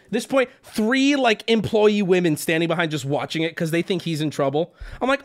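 A young man streaming and telling a story to his chat. His voice sits high and swings all over the place, swearing freely and jumping into sharp high yelps when he acts out his own lines. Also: brisk. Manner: animated, swearing, jumps to high yelps when quoting himself.

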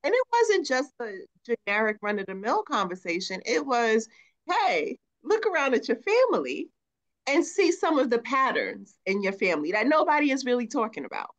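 Female co-host in her forties, bright and lively, reflective. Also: on the high side, brisk, few pauses, muffled recording. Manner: reflective, laughs while talking. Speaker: podcast co-host. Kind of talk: casual chat.

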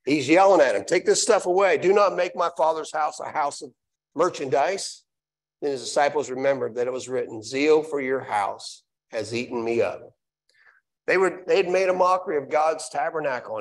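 A man preaching a live sermon in a church, reading scripture aloud and then restating it with emphatic repetition. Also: a little high. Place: church sanctuary.

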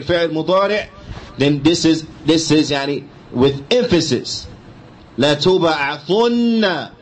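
Fast-talking emphatic man teaching religion. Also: a little high, breathy edge, rough recording. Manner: switches between recited Arabic and English explanation, emphatic and repetitive. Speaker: Islamic teacher. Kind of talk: lecture explaining a hadith.

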